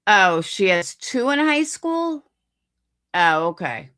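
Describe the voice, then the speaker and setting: A woman's voice: mid-range voice, sing-song, takes it slowly, a bit bright, clean tone. A woman hosting reaction commentary, talking in a sarcastic, mocking way about a clip she plays. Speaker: commentary host.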